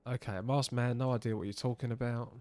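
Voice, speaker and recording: A man's voice: mid-range voice, steady tone, fast, a little mellow. An English man streaming a game, thinking aloud in casual, self-mocking commentary.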